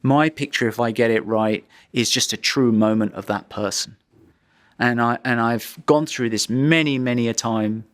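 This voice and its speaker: A man's voice: mid-range voice, normal speed. A man, a photographer, telling a vivid anecdote in an interview, often restarting his sentences as he goes. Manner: vivid, dramatic storytelling with frequent restarts.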